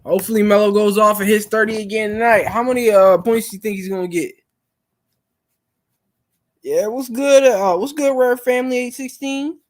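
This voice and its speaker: A young man hosting a live stream, chatting casually with viewers in a relaxed, rambling way full of fillers. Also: high-pitched, normal speed. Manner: laid-back, rambling, many fillers.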